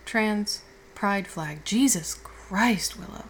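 Casting: woman as a just-woken girlfriend, soothing and affectionate, slight vocal fry, mid pitch, audio role-play. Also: a little slow, slight background noise, rough recording. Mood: tender. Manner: soft, tender and reassuring, with casual swearing. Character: affectionate young woman, the listener's caring girlfriend.

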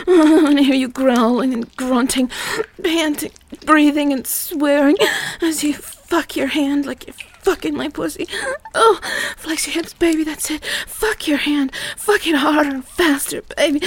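A woman hosting a guided erotic audio fantasy, talking in a breathy, moaning voice that often drops to a whisper, on a studio microphone. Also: high-pitched, dry recording. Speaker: host of an adult audio show.

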